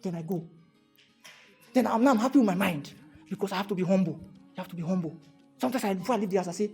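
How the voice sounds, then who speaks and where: A Nigerian man giving a motivational talk to a live audience, animated and fond of repeated rhetorical questions, slipping into pidgin. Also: high voice, fast talker, pauses often, soft background music. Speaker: motivational speaker.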